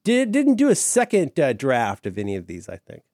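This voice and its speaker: Animated middle-aged man, dry close sound. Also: mid-range voice, moderate pace, no echo. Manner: enthusiastic, rambling with fillers and restarts. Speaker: podcast co-host. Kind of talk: casual chat.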